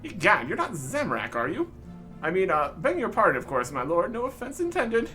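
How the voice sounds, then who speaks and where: A man's voice: high-pitched, huge pitch swings, fairly quick, pushed and bright, faint music behind, heavily acted. A man doing Rupert, a plummy old dwarf. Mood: jolly. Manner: plummy posh old-fashioned English speech. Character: pompous old dwarf with a long beard.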